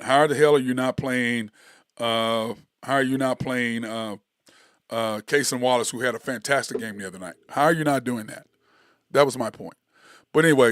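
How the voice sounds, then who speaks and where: A man's voice: medium pitch, dry recording, studio quality. A man hosting a solo sports talk show, rambling and sarcastic, full of fillers and restarts.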